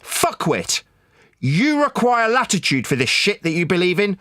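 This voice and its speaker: A man rants and mocks in a heated online debate, his voice high and sharp. He repeats himself and barks insults, sounding bright and dry, close to the mic. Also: very animated, normal speed, no room sound. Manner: shouting insults, mocking, repetitive. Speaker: debate caller.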